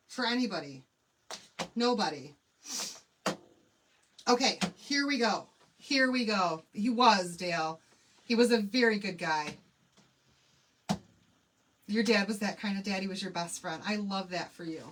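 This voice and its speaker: With a fairly bright, animated mid-range voice, a middle-aged woman speaks at a measured pace and leaves long pauses. She's hosting a crafting livestream, mixing tutorial chat with an emotional personal story and calling viewers "y'all." Faint background noise is audible.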